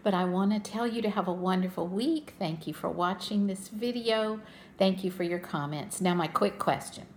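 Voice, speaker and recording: A woman's voice: medium pitch, very animated, measured pace, a little hiss or hum. An older woman chatting to her viewers as a cross-stitch vlogger, telling a travel story in a friendly, talkative way.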